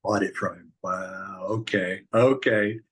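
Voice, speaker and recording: A man's voice: low-pitched, fairly even intonation, takes it slowly, fairly bright tone, breathy edge. A male interviewer giving short reactions to a guest's story. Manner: brief reactions and laughter.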